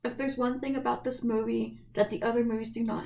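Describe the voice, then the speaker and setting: A woman's voice: high-pitched, normal speed, gravelly, warm tone, muffled recording. A young woman in college talks earnestly into her camera, her voice wavering as she fights back tears. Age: young adult. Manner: earnest, emotional and heartfelt, with frequent restarts. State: tearful, voice wavering from crying. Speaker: vlogger. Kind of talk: personal video essay, casual monologue.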